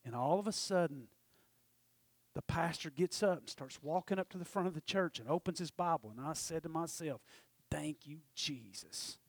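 A man preaching a testimony, storytelling with passion and swinging from loud to hushed. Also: fairly high pitch, lively intonation, a little fast, dry recording. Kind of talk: sermon testimony.

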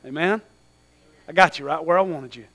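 A man preaching a sermon, swinging from hushed asides to loud, fervent cries. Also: on the high side, fairly quick.

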